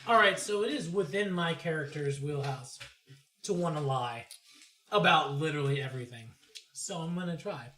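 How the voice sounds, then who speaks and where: A man's voice: on the high side, normal speed, pushed and bright, reverberant. A man playing a tabletop game, improvising his character's lies in a hesitant, rambling way. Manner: hesitant, rambling, laughing in between. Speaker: player.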